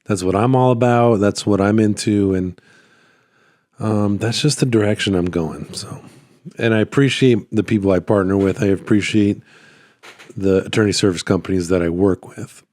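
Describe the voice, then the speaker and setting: A man vlogging about his small business in a rambling, relaxed way, his voice a little worn. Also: on the low side, normal speed, no echo. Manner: rambling, relaxed, lots of fillers and restarts. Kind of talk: casual talking-head vlog. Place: at home by his computer. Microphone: phone.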